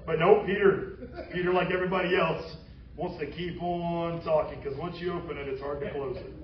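A man preaching a sermon as pastor, animated and humorous as he retells a story. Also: fairly high pitch, brisk, slight background noise. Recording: roomy, distant, dull sound.

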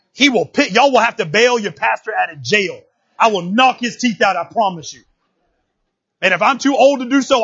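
Man, pastor, sermon, husky high voice, lively preaching, lo-fi sound. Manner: animated preaching, swings from loud exclamations to quiet asides. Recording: dull lo-fi recording.

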